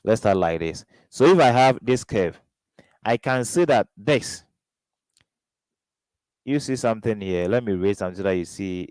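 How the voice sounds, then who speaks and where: Brief: Ghanaian male tutor, lowish smooth voice, dry close sound, drills students with prompting questions. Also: lively intonation, moderate pace, long pauses, darkish tone, no echo, poor audio. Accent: Ghanaian English. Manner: question-and-answer drilling, keeps asking "what?". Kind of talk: exam revision lesson.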